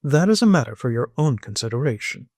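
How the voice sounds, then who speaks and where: A man reading an audiobook, voicing a self-possessed young woman who speaks coolly and firmly, lifting his voice higher when she insists. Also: animated, normal speed, no echo, studio quality, lightly acted. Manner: cool and firm, rises when insistent. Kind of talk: audiobook character voice.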